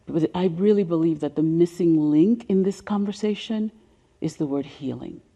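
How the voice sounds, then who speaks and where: A woman of about seventy with a deep voice gives a seminar presentation on racial healing. She speaks softly and sinks to a whisper on emotional points. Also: moderate pace. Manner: soft-spoken, sinking to a whisper on emotional points.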